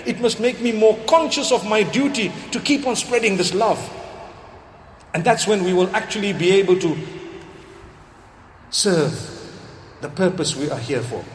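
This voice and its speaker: Male preacher, high voice, sermon, storytelling, Arabic quotations, long hall reverb. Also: expressive, moderate pace, long pauses, slight background noise. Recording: echoey hall with faint ambience.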